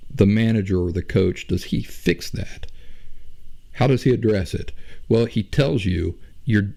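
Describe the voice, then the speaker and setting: A middle-aged man hosting a podcast, talking through ideas in a slow, conversational monologue full of rhetorical questions. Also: on the low side, creaky, a little mellow. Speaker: podcast host. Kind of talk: reflective monologue.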